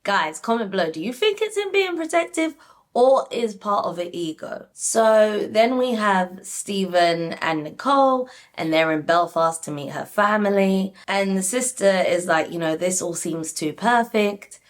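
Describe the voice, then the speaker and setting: A young woman casually reviewing a reality show, animated and talking straight to her viewers with lots of "like". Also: mid-range voice, measured pace. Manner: animated, frequent "like", addresses viewers. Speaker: reality TV recap YouTuber.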